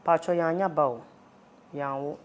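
A woman's voice: low voice, a little fast. A woman with a Ghanaian accent recounting a painful personal story, mixing Twi and English. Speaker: interviewee. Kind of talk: emotional personal testimony.

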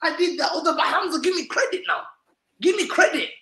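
Man, football panel, bright punchy voice, teasing banter, roomy echo on the mic. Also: extremely high pitch, fast. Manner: animated, teasing, laughing often. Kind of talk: loud banter-filled casual chat.

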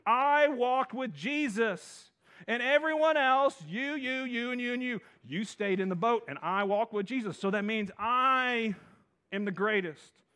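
Man doing a brash, boastful Peter, high and loud. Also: measured pace, heavily acted. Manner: loud, insistent bragging.

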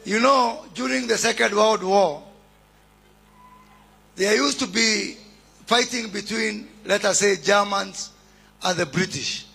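A man with a Kenyan accent giving a deliberate, oratorical public speech as a government minister at a launch event, calling out greetings to the crowd. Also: sits high, gravelly, pushed and bright, breathy edge.

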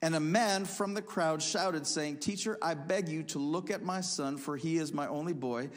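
A man preaching a sermon as pastor, emphatic, swinging between loud punchy lines and quiet asides. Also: fairly high pitch, normal speed. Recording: long hall reverb.

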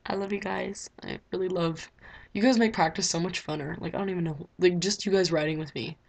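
Vlogging casually from her bedroom in diary style, a teenage girl rambles along with lots of fillers. Her fairly low, gravelly voice moves at a fairly quick pace, and the background is noisy.

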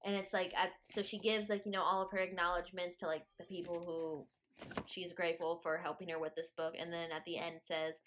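A woman co-hosting a podcast, chatting casually about a book with animated, outspoken reactions. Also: fairly low pitch, a little fast. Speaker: podcast co-host. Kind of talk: casual book-recap chat.

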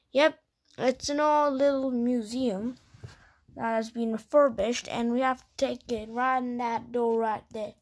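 A woman voicing toy figures in a playful stop-motion play, switching between characters in dialogue. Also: fairly high pitch.

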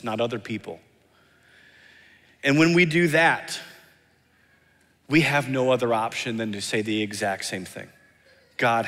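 Earnest pastor preaching in a reverberant hall. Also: male voice, mid-range voice, a bit bright. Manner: earnest, acts out quoted voices, emphatic repetition. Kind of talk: sermon. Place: church sanctuary.

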